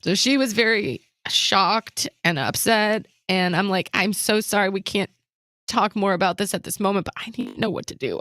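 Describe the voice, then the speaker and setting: A woman's voice: medium pitch, moderate pace, dry recording, studio quality. A woman co-hosting a casual talk show, telling a personal story and acting out what other people said, with nervous laughs. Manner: animated retelling that acts out other people's lines, with nervous laughs. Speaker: podcast co-host.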